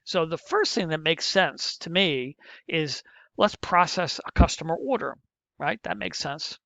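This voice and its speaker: A middle-aged male teacher takes a screen-recorded coding lesson one step at a time, muttering to himself as he types. His voice is fairly high and gravelly, with a sharp tone, lively intonation and a slightly slow pace. The lo-fi mic sounds muffled and dull, with no echo.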